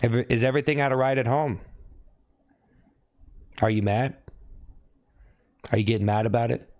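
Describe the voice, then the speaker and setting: A man live streaming who teases his chat with repeated needling questions and breaks into sudden high yelps. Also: moderate pace, a little mellow. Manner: teasing, repetitive needling questions.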